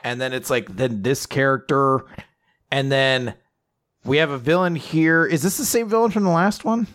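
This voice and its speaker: A man's voice: medium pitch, normal speed, a bit bright. A man co-hosting a podcast, chatting casually in a thoughtful, hesitant way. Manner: thoughtful, hesitant, laughs easily. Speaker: podcast co-host. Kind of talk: casual chat.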